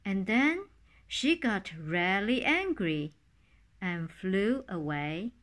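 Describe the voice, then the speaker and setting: A woman reads a children's story aloud, very slowly and calmly. Her pitch sits in an ordinary middle range, and she takes her time over each phrase in a gentle storybook manner. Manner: calm, unhurried storybook reading.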